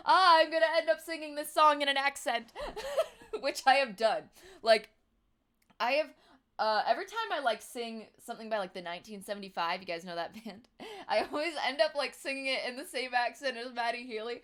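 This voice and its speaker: A woman's voice: on the high side, fairly bright tone. A woman in her twenties chatting casually on a livestream, giggly, with lots of fillers. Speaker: livestream host. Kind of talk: casual livestream chat with singing.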